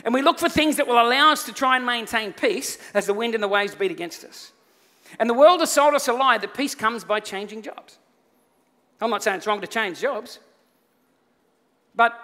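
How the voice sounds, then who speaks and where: A middle-aged man, preaching a sermon and telling a funny personal story, animated and often laughing. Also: very high-pitched, fairly quick. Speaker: pastor. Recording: long hall reverb from auditorium.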